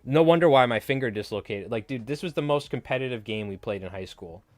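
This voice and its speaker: Fast and with lively intonation, a young adult man hosts a fly-tying live stream in a medium-pitched voice. He chats casually, rambling through stories laced with filler words and swearing. Faint music plays behind him, and there's no echo.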